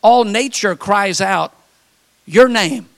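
An older man preaching a sermon, telling folksy stories and building to fervent, shouted appeals. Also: high voice, slow. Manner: fervent, rising to shouted calls; folksy storytelling with repeated phrases.

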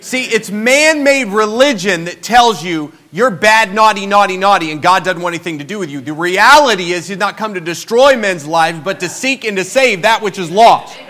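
A man in his forties, a pastor, preaching a sermon as a personal story, moving between quiet, intimate passages and loud, emphatic ones. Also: high-pitched, lively intonation, moderate pace, hardly any pauses.

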